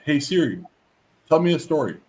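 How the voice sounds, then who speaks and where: A man's voice: on the high side, very animated, moderate pace, a little mellow. A man streamer in casual chat, talking in a playful, teasing, joking way.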